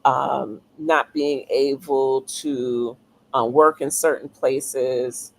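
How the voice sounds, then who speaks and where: A woman author being interviewed, talking thoughtfully with frequent pauses, ums and restarts. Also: a bass voice, fairly even intonation, low-quality recording. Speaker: author guest. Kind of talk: casual interview talk.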